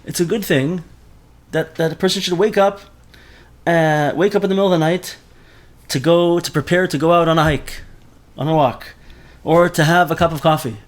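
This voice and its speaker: A man's voice: a little high, normal speed. Man teaching a Torah class. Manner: animated, mixes Hebrew terms into speech, repeats words often.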